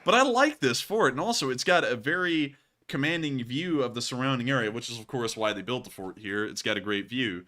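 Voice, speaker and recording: Bright-voiced chatty male streamer. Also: medium pitch, animated, fairly quick. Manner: chatty, rambling, laughs often. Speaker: streamer host. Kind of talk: casual live chat.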